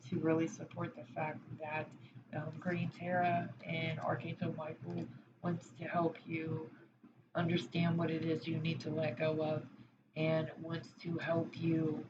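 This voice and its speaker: Woman, oracle card reader, slow and gentle, reassuring, hesitant; muffled recording with audible noise. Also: low-pitched. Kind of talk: pick-a-pile card reading. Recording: dull lo-fi sound with background noise.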